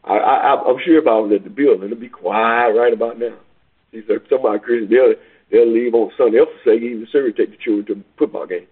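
A man a sermon, repeating his points in call-and-response style and rising to near-shouts on key lines. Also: lowish voice, slightly rough. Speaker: preacher. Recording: tinny phone-like radio broadcast.

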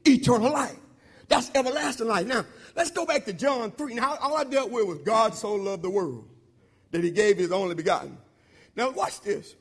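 A man preaching a sermon in an informal, repetitive style, swinging between loud shouted emphasis and low murmured asides. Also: normal speed, slightly rough.

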